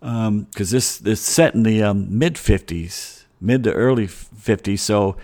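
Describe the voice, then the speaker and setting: A man's voice: fairly low pitch, measured pace, a little mellow. A middle-aged man hosting a show, chatting in a loose, opinionated monologue full of digressions and chuckling asides. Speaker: host. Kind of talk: casual rambling monologue.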